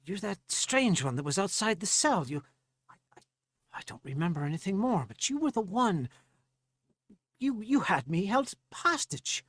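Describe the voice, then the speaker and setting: A man voicing a confused male elf wizard who was held captive, speaking in a raised, halting, indignant voice. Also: high voice, very animated, a bit bright, dry recording, voice pushed up, exaggerated voice.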